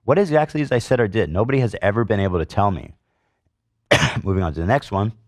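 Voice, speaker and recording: Deep-voiced, heated man ranting. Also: quick pace, no echo, clean studio sound. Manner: heated, profane and indignant, with frequent fillers. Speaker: podcast host. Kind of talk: commentary reading out online posts.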